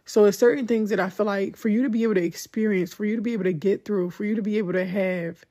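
A woman's voice: medium pitch, steady tone, fast, dark tone. A young woman hosting a podcast, telling a personal story in a conversational, emotional way with many "like"s. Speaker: podcast host.

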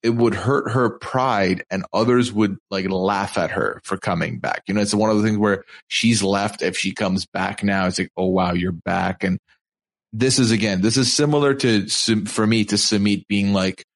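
A man's voice: lowish voice, steady tone, normal speed. A man co-hosting a podcast, recapping events in casual chat and quoting people as he goes. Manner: storytelling, quoting people in conversational asides. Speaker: podcast co-host.

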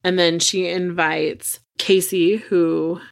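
A woman's voice: on the low side, level tone, takes it slowly, vocal fry. A woman co-hosting a podcast, recapping a TV episode in casual chat, cursing freely and acting out characters' lines. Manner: chatty, swears freely, acts out characters' lines. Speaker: podcast co-host.

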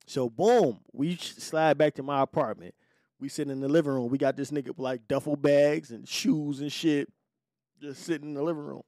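A man's voice: a little high, steady tone, moderate pace, darkish tone, dry recording, studio quality. A man hosting a podcast, telling a personal story in casual talk, heavy on profanity and acting out what people said. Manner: profane, acts out quoted lines. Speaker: podcast host.

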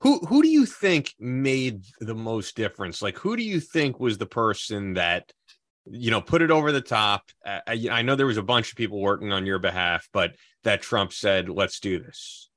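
Lively male podcast host. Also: on the low side, moderate pace. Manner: eager, probing questions. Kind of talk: interview questions.

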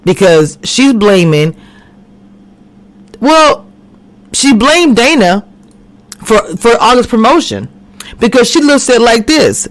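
A woman giving a casual recap of a TV drama, animated and quick to act out the characters' lines. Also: a little high, no echo. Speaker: TV recap reviewer. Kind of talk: casual chat. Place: home, recording a live stream.

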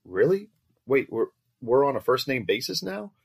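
A man's voice: medium pitch, very animated, normal speed, gravelly, breathy edge, voice pushed up, heavily acted. A man voicing a nervous young boyfriend who talks in a hesitant, whiny way. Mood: flustered.

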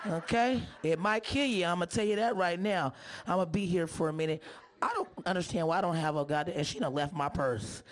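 A hoarse-voiced woman working a stand-up crowd, brash and foul-mouthed, constantly ribbing the people in front of her. Her delivery is loud and loose. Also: fairly low pitch. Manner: brash, profane, teasing the audience. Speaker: stand-up comedian. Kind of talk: live stand-up set.

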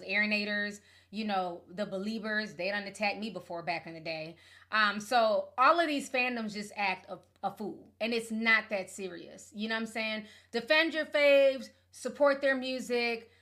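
A woman's voice: medium pitch, bright, forceful tone. A woman hosting a casual gossip commentary show, talking bluntly with plenty of profanity and laughter.

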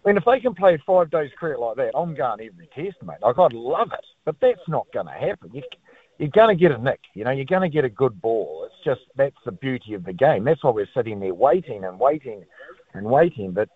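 A man with a New Zealand accent calling into a radio show, talking in an animated, rambling way. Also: medium pitch, a little fast, slightly rough. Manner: animated, rambling, lots of "like" and "mate". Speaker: caller. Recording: phone line.

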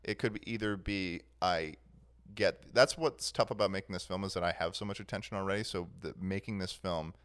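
A man's voice: sits low, fairly quick, a bit bright, clear, resonant tone. A young man in casual chat, rambling with many restarts and fillers.

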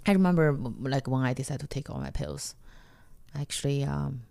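A woman from China, whose first language is Mandarin, tells her own story bluntly and haltingly, acting out the people she quotes. Her voice is low, gravelly and mellow, set close and dry with no room sound. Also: dry recording. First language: Mandarin Chinese. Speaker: guest comedian. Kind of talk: candid personal storytelling.

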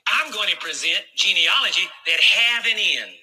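A man's voice: sits high, lively intonation, moderate pace, heavy background noise. A male pastor preaching a sermon, emphatic and folksy, repeating phrases for emphasis.

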